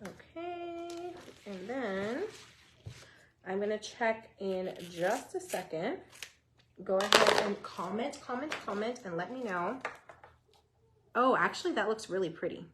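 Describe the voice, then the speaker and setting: A woman hosting a live DIY craft stream, chatting with viewers, greeting them by name, and breaking into excited yelling. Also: mid-range voice, unhurried, long pauses, background noise.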